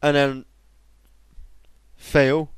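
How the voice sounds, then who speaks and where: Excitable young gamer, smooth voice. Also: male voice, extremely slow, dry recording, low-quality recording. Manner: excitable, bursts into high shouts. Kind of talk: gameplay commentary.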